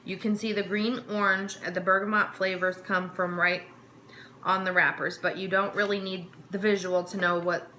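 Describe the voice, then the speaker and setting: A woman's voice: medium pitch, little pitch movement, normal speed, bright, forceful tone, a little hiss or hum. A woman vlogger tasting snacks on camera, casually reading card text aloud and stumbling over words. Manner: stumbles over words while reading, talks with mouth full. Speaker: vlogger reviewing a snack box.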